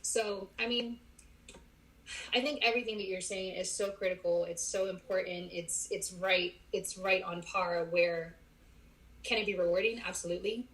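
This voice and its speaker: A woman, a clinical psychologist, chatting as a podcast guest, animated and laughing often as she tells stories. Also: mid-range voice, normal speed, poor audio. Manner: animated storyteller, laughs often, quotes her parents. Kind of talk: casual podcast conversation. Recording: audio-only podcast.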